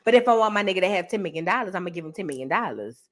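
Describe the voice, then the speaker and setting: A woman's voice: on the low side, animated, very fast, noisy background, voice pushed down, lightly acted. A woman doing a mocking impression of a defiant woman official who brushes off questions about her money in a stubborn, dismissive drawl.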